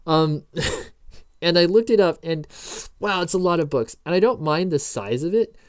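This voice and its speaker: A man's voice: fairly high pitch, lively intonation, moderate pace, clear, resonant tone. Rambling, jokey man teaching code. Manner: rambling, self-interrupting, jokey asides. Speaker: programming tutorial host. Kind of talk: casual screen-recorded coding lesson.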